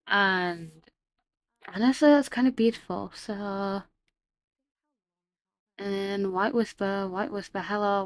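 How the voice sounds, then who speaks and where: A woman chatting excitedly in a casual voiceover about her own animation, self-deprecating and talking straight to her viewers. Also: mid-range voice, dry recording. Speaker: animator narrating her work. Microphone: home voiceover mic.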